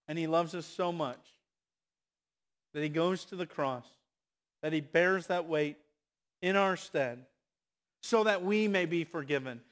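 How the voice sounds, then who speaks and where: A man preaching a sermon, moving between loud, impassioned exhortation and hushed, quiet asides. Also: fairly high pitch, slow pace, pauses often.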